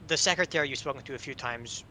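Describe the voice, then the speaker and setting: A man narrates as game master in a relaxed, halting way, his voice very bright and forward. A faint rumble hums behind him. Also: low-quality recording. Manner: relaxed, hesitant with fillers.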